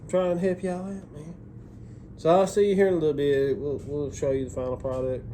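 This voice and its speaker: Man, middle-aged, mellow voice, casual cooking talk, rambling, folksy. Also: fairly high pitch, level tone, a little fast, slight background noise. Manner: folksy, rambling, repeats himself. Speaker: cooking show host.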